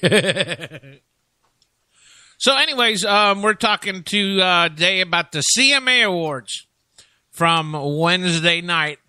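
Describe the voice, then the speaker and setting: A man's voice: high-pitched, expressive, slow pace, pushed and bright, clear, resonant tone, no echo. A man hosting a casual radio chat show, rambling and joking with plenty of fillers.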